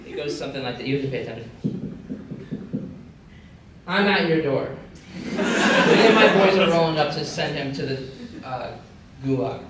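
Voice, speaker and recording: A man's voice: a little high, normal speed, pauses often. A young man hosting a comedy panel at a convention, talking in a mock-serious, conspiratorial way with lots of fillers, heard through a room microphone. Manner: deadpan mock-conspiratorial, chatty with many fillers. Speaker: panel host. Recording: very echoey hall from far off, noisy.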